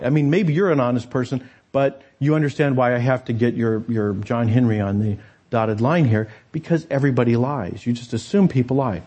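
A man's voice: mid-range voice, normal speed, dark tone, slightly rough. A man preaching a sermon as pastor, talking conversationally and turning to the congregation with rhetorical asides.

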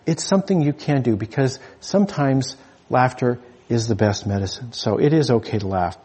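Husky man preaching a humorous sermon. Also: mid-range voice, animated, normal speed, mellow. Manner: conversational, humorous, with frequent restarts.

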